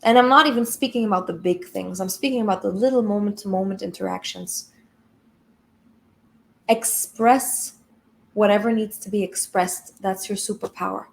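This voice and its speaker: A woman's voice: mid-range voice, steady tone, moderate pace, creaky, a little hiss or hum. A woman spiritual coach giving an emphatic, blunt motivational talk with casual swearing.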